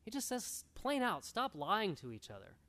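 A man's voice: high-pitched, wildly swooping pitch, normal speed, sharp tone. A male pastor preaching an earnest sermon to a room, exhorting and repeating his key points. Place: church room.

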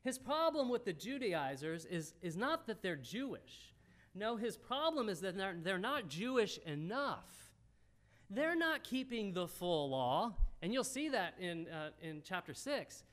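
Male preacher with a high voice, folksy conversational sermon, speaks straight to the congregation. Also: sing-song, measured pace, a bit bright.

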